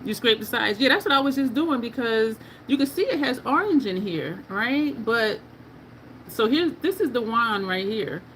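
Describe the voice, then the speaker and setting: A woman's voice: on the high side, animated, moderate pace, fairly bright tone, slight background noise, low-quality recording. A woman beauty vlogger chatting casually through a makeup tutorial, telling stories and laughing often.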